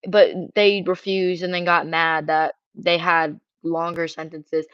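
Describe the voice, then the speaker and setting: Brief: feminine-sounding streamer, rambling rant with cursing, dull and dry mic. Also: female voice, on the low side, level tone, slow pace, no room sound. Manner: rambling, curses, reads chat questions aloud. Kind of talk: casual ranting livestream.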